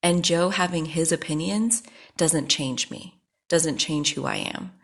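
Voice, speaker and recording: A woman's voice: sits low, unhurried, breathy edge. A woman hosting a podcast, talking frankly and at length about her life, swearing freely when angry. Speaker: podcast host. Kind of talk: personal monologue.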